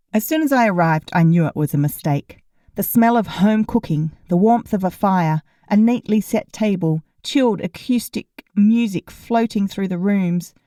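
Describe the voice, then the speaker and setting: A woman narrating a novel in first person, with a wry, deadpan delivery. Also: fairly low pitch, dry recording, studio quality. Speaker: audiobook narrator.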